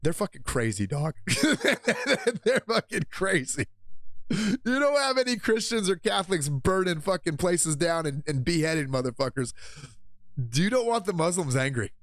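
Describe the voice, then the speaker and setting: A man hosting a livestream show, ranting about politics in a profane, mocking way and laughing often as he gets excited. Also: fairly high pitch, normal speed, dry recording. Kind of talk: casual political rant on a livestream.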